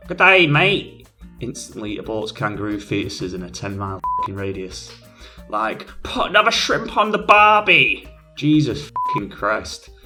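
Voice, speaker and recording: Brief: low-voiced man with a forceful, bright tone, profane sarcastic comedy rant over faint music. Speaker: animated video creator reviewing a game. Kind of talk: comedic ranting narration.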